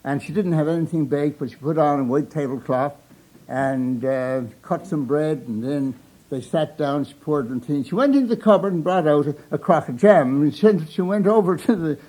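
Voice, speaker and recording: An older man with a Newfoundland accent tells folksy, humorous stories live, chuckling at his own punchlines. His voice is a little high and warm at normal speed, captured in a low-quality recording.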